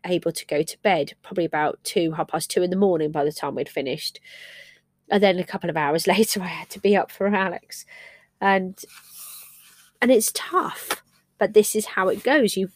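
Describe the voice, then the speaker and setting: A woman's voice: lowish voice, no echo, studio quality. A middle-aged woman hosting a personal podcast, telling a story about her family in a candid, emotional, reflective way. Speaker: podcast host and parent.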